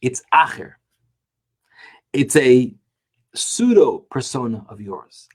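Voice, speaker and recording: A man, a rabbi, teaching a Torah class, telling stories with animated rhetorical questions. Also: medium pitch, slow pace, long pauses, slightly rough.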